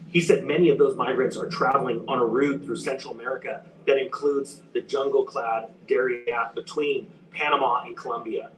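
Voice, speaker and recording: A man's voice: mid-range voice, fairly even intonation, normal speed, hardly any pauses. A man commenting online in an urgent, warning tone, reading out news with fillers. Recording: distant clip with faint background noise.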